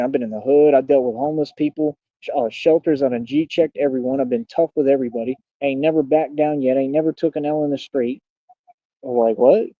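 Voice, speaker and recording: A man's voice: mid-range voice, no echo. Defiant young man ranting in street slang. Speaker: streamer. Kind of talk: confrontational livestream rant. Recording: dull lo-fi stream audio.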